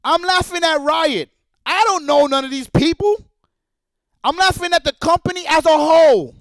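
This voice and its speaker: A man's voice: very high-pitched, moderate pace, dry recording. A man streaming live, ranting in a profane, heated and repetitive way. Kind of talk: livestream rant.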